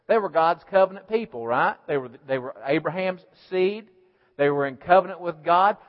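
Man, pastor, sermon, high voice, loud-to-quiet swings, church hall reverb. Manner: preaching with call-and-response asides, rising and falling in volume. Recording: dull lo-fi sound with long hall reverb.

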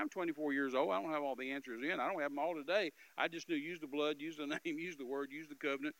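A man giving an animated, emphatic storytelling testimony as a minister, with repetitive phrasing and loud bursts. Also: fairly high pitch, rough recording.

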